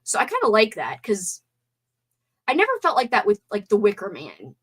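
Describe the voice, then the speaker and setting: A young woman hosting a casual live stream movie talk, animated, swearing and gasping as she reads out chat comments. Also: medium pitch, moderate pace, husky.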